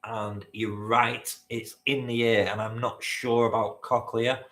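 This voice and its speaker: Man, quizmaster, slow jokey delivery, echoey room. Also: medium pitch, level tone, fairly bright tone. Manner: jokey banter with chat, swears. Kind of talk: live-stream quiz hosting.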